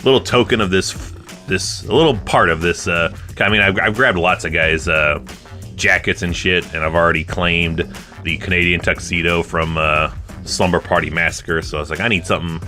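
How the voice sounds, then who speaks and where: Low, bright-voiced man ranting casually. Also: fairly even intonation, normal speed, soft background music. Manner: blunt, swears often, jokey rants. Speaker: podcast co-host. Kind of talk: casual chat.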